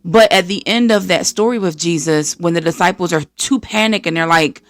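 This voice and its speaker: An American woman from the East Coast hosting a podcast, giving an energetic, preachy faith-based motivational talk and acting out voices of the people she quotes. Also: lowish voice, a little fast, dry recording. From East Coast of the United States. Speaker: podcast host.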